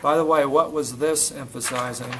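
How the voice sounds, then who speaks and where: A man's voice: mid-range voice, steady tone, normal speed, fairly bright tone, slight background noise, rough recording. A male instructor teaching a classroom lesson, quizzing students as he demonstrates muscle testing on a volunteer. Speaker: physical therapy instructor.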